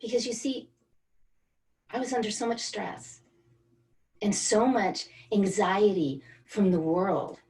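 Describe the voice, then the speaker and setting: A woman's voice: mid-range voice, takes it slowly, long pauses, darkish tone, distant mic. A woman wellness coach leading an online group through a guided energy exercise, coaxing and encouraging participants by name. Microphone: video call.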